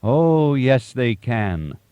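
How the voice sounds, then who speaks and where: A man doing a playful mystical oracle, pitched up. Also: big pitch swings, extremely slow, dark tone, clean tone, no echo, lo-fi sound. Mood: mischievous. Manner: somber yet mischievous. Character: playful mystical male oracle who jokes.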